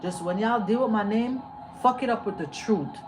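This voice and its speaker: A young woman hosting a livestream delivers an emotional, heated rant packed with profanity at a normal speed. She repeats lines for emphasis and swings from loud outbursts to low muttering. It's captured on a phone or webcam with steady background noise.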